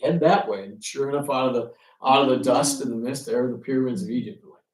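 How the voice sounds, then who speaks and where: A man who works as a ferry pilot tells animated stories to an audience and acts out the conversations he quotes. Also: mid-range voice, fast talker. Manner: animated anecdotes, acting out quoted exchanges. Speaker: ferry pilot and author giving a talk. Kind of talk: storytelling talk to an audience. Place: room with an audience. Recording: echoey room, from a distance.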